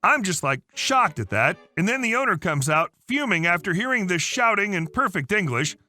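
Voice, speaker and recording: Bright, high-voiced male story narrator. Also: sing-song, moderate pace, faint music behind. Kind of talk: reading a story aloud.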